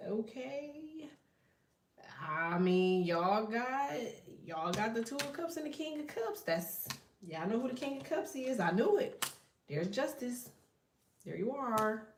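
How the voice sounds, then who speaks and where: A woman's voice: fairly high pitch, big pitch swings, unhurried, slight background noise. A woman giving a casual tarot reading, talking bluntly with lots of slang and profanity. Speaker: tarot reader. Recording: roomy echo, distant from mic.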